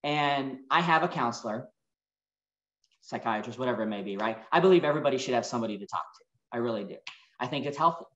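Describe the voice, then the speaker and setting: A man's voice: medium pitch, animated, fairly bright tone, roomy sound, highs cut off. A man, giving an earnest, emotional motivational talk and telling personal stories. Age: 40s. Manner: earnest and emotional, storytelling with reflective pauses. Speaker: motivational speaker.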